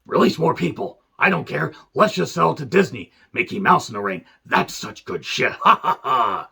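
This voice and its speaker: A man's voice: fairly high pitch, big pitch swings, normal speed, vocal fry, bright, forceful tone, breathy edge, full character voice. A man voicing a smug older male wrestling boss who gloats and cackles like a supervillain. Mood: smug cackling.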